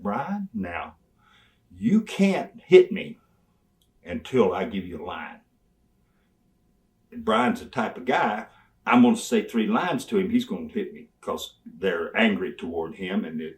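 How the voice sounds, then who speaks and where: An older man, a guest in an interview, telling a story with animated delivery and acting out bits of dialogue. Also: on the low side, far from the mic.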